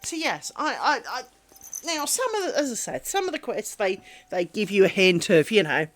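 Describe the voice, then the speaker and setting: A woman's voice: medium pitch, very animated, normal speed. A woman live-streaming at home, chatting casually and wryly on a desk mic, teasing herself and talking to her pets. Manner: chatty, wry, self-deprecating, talks to her pets. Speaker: craft streamer. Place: home craft room. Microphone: desk microphone.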